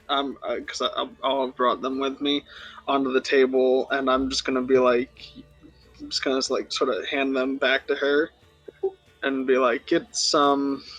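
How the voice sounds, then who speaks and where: A man playing in a tabletop game, speaking at a mid pitch. He is measured and often pauses to find the right word. Faint music plays behind him. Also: level tone, a bit bright, dry recording, rough recording. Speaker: player. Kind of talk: tabletop role-play.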